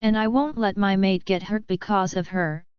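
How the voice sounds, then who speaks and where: A woman voicing a protective, possessive young werewolf alpha king, in a gruff, commanding way, in an audiobook. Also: high-pitched, fairly even intonation, moderate pace, dry recording, muffled recording, lightly acted. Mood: stern.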